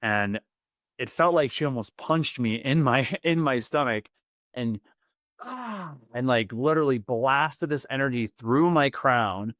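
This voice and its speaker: A man as a podcast guest, telling a personal story in an earnest, vivid and excitable way, often repeating words. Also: mid-range voice, a little slow, dry recording, studio quality.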